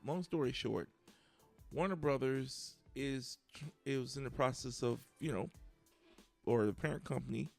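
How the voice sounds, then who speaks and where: Gravelly man reading headlines casually. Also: mid-range voice. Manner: reads headlines haltingly with many fillers. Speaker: podcast co-host. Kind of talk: casual news chat.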